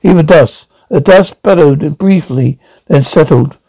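Man reading a book out loud, stumbles and restarts a lot, gravelly, dark dry sound. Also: fairly high pitch, no room sound, poor audio. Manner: halting, with frequent slips and restarts. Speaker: narrator. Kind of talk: audiobook reading.

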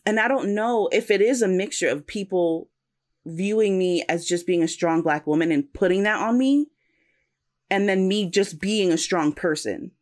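A woman's voice: medium pitch, normal speed. A young woman co-hosting a casual podcast chat, reflective and searching for words, often restarting her sentences. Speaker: podcast co-host.

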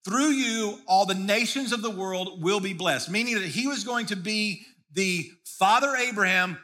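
Male pastor with a high, bright voice, preaching casually and often repeating himself mid-sentence. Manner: conversational preaching with frequent restarts and repeated words. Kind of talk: sermon.

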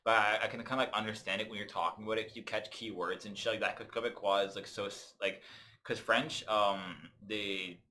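A man's voice: on the low side, steady tone, brisk, bright, forceful tone. A man, a stand-up comedian from Canada, telling rambling, profane stories in casual podcast chat, full of restarts.

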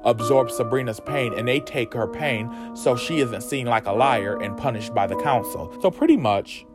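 A man's voice: medium pitch, lively intonation, normal speed. A man giving a campy, sassy, profane recap of a TV show. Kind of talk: casual TV recap. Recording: music playing under voice.

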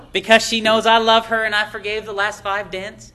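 A man's voice: high-pitched, sharp tone, a little hiss or hum. A middle-aged man preaching a sermon as pastor, emphatic, with frequent amens and chuckles.

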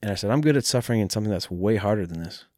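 A fighter swaps stories in a casual podcast chat, his voice sitting on the low side. He talks with animated, profane energy and slips into acting out what he shouted. The sound is dry and close. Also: racing, no echo. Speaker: guest, professional fighter. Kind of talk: casual storytelling. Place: martial arts academy.

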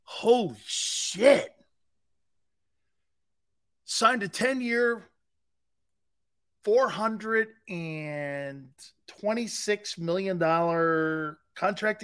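A man's voice: sits high, fairly bright tone, smooth. A man hosting a sports radio show, talking in a rambling, jokey monologue, laughing often and slipping into silly voices. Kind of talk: animated sports talk monologue.

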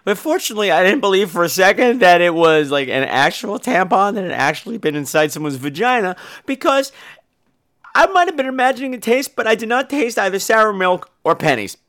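A man hosting a podcast, telling a story excitedly and playfully mocking himself, often acting out what people said. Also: high-pitched, fairly quick. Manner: excitable, self-mocking, acts out quotes. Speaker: podcast host. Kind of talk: animated storytelling.

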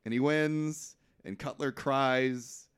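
A man's voice: medium pitch, slow, clean tone. A man co-hosting a podcast who recaps a movie in casual, profane chat and often laughs. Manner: profane, laughing, animated retelling. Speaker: podcast co-host.

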